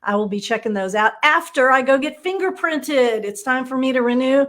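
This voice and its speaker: A woman with a slightly high voice runs a casual live training session for counseling supervisors. She talks bluntly and playfully, with frequent "right?" checks to her viewers. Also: lively intonation, normal speed, a bit bright. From Texas. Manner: chatty, frequent "right?" tag questions. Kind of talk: casual live-streamed teaching.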